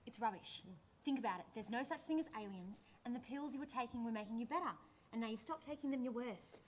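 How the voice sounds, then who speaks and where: Actress as a blunt, impatient friend, fairly high voice, sharp at times. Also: female voice, quick pace, slight background noise, natural voice, rough recording.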